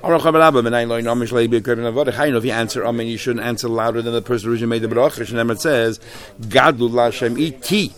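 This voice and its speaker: A man leading a Talmud class, explaining texts in a loose, animated way with many restarts and Hebrew and Yiddish terms. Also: mid-range voice, racing, hardly any pauses. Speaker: Talmud teacher.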